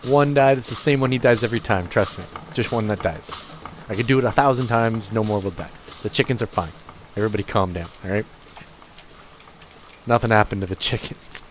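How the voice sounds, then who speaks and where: A young let's play gamer with a lowish voice commentates casually and a little fast on his gameplay, cursing and joking at the characters and talking to them directly. He's on a gaming headset, and the rough recording carries slight background noise.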